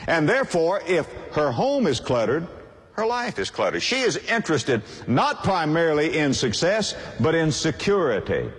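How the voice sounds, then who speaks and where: A man's voice: fairly high pitch, big pitch swings, moderate pace. An older man preaching a sermon in an emphatic, repetitive cadence. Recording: long hall reverb.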